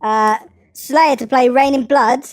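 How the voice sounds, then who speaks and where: A man co-hosting a podcast while putting on a silly high-pitched voice, giggling and swearing freely. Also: steady tone, measured pace, dry recording, studio quality. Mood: excited. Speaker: podcast co-host.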